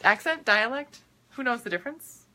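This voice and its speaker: A woman's voice: fairly high pitch, lively intonation, moderate pace, pushed and bright. A young woman with a Minnesota accent, a health coach chatting casually and upbeat to viewers, with lots of ums and restarts. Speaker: health coach and podcast host. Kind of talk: casual live-stream talk to viewers.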